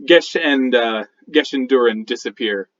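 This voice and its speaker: A man narrating a tabletop game as game master in a playful, expressive way. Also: mid-range voice, a little slow, background noise. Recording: dull lo-fi sound.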